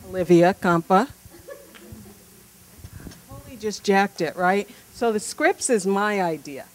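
A woman pediatrician giving a casual, animated conference talk built on personal stories, with frequent fillers. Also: medium pitch, a little slow, poor audio. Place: conference room.

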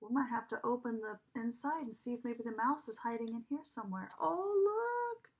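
A preschool teacher reading a picture book aloud to young children, asking them coaxing questions and dropping now and then to a whisper. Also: female voice, fairly high pitch, husky. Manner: animated, slow, coaxing questions to children, drops to a whisper at times.

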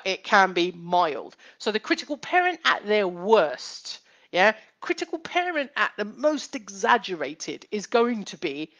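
A woman psychotherapist talks to viewers in a live-streamed teaching session. She speaks at a middle pitch, in an explanatory way, and she often repeats key points and asks rhetorical questions. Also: fairly bright tone. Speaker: psychotherapist hosting a live chat.

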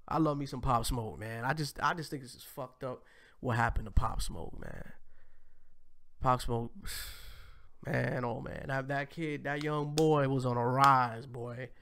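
Gravelly, animated man hosting commentary. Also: mid-range voice, measured pace. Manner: animated, loose and profane, laughing often. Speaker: host. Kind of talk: casual commentary on clips.

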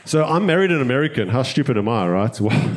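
A man from South Africa with a South African accent, doing open mic stand-up on a comedy club stage, with a halting, stuttering delivery. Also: mid-range voice, sing-song, a crowd in the background.

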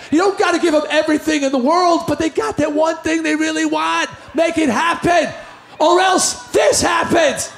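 A man from the New York area telling a stand-up story in a loud, animated, ranting way. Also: very high voice, vocal fry. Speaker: comedian. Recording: roomy echoing sound.

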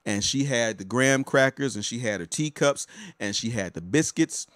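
A man who is a pastor and life coach chats warmly and casually with viewers of a live stream, greeting them by name. He often repeats words and restarts, speaking at a medium pitch and normal speed with no echo.

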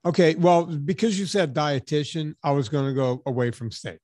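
A man's voice: on the high side, moderate pace, darkish tone, no echo, clean studio sound. A middle-aged man hosting a podcast in casual chat, thinking aloud with restarts and fillers. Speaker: podcast host.

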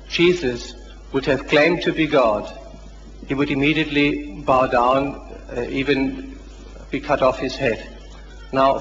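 A man in the audience at a lecture, politely but persistently asking to put his full question. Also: medium pitch. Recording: dull old hall recording with reverb and hiss.

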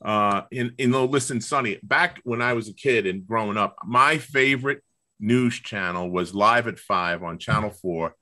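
A man's voice: on the low side, normal speed, sharp tone. A man with a Long Island accent hosting a podcast, enthusiastic and repetitive, on a video call. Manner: enthusiastic, repeats himself. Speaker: podcast host. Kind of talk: casual chat.

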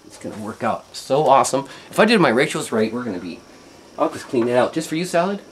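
A man's voice: mid-range voice, big pitch swings, quick pace, a little hiss or hum. A man hosting a how-to show, demonstrating by hand in an indoor workshop with a rambling, joking, self-deprecating manner. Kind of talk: casual hands-on demonstration.

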